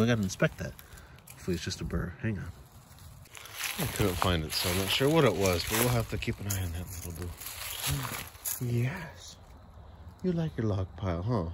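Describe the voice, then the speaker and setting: A man chatting casually to his cat while walking through backyard woods and fields. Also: on the low side. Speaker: cat owner vlogger. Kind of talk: casual walk-and-talk vlog. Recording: outdoor background noise in the woods.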